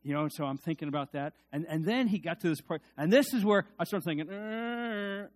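A man preaching a sermon in a conversational way, swinging from quiet asides to loud, emphatic peaks, with restarts and repeated words. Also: a little high, expressive, fast talker.

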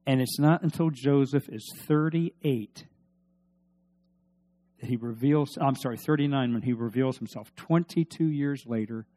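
Mellow-voiced man preaching a sermon. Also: mid-range voice, measured pace. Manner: emphatic, asks the congregation questions. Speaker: pastor. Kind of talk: sermon with scripture reading.

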